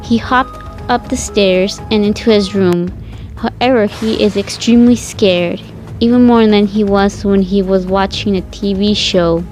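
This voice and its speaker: A woman's voice: medium pitch, fairly even intonation, measured pace, darkish tone, faint music behind. A woman narrating a creepypasta story in a plain reading voice, with occasional slips and restarts.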